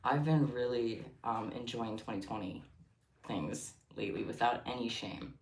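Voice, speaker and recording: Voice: medium pitch, a little mellow, a little hiss or hum. Livestream host, casual crafting chat, rambling tangents, giggly, medium voice, echoey room. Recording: roomy echo.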